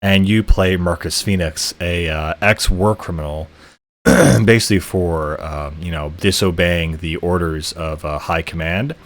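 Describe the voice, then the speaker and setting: Male podcast host, low voice, loose rambling delivery with lots of fillers and restarts. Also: fairly even intonation, unhurried. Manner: rambling with many fillers and restarts, frequent throat clearing. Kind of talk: casual game review talk.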